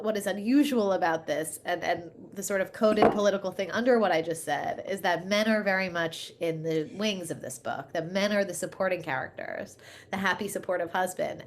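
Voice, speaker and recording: A woman's voice: on the low side, a little hiss or hum. A woman in her thirties, an author in an interview, talking animatedly with many fillers and restarts and laughing often. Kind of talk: interview conversation.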